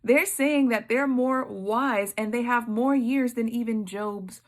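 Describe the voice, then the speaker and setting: A woman teaching a Bible study, reading scripture aloud and commenting with emphatic, expressive reactions. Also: a little high, takes it slowly.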